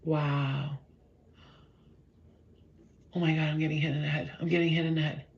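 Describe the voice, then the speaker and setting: A woman giving a live spiritual tarot reading in a rambling, excited way. She swears casually and acts out her stories. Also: low-pitched, moderate pace, gravelly, muffled recording.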